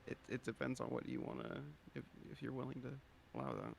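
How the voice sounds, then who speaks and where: A man's voice: medium pitch, wildly swooping pitch, fast talker, gravelly, a little hiss or hum. A man playing a tabletop role-playing game, chatting casually and hesitantly, with playful swearing.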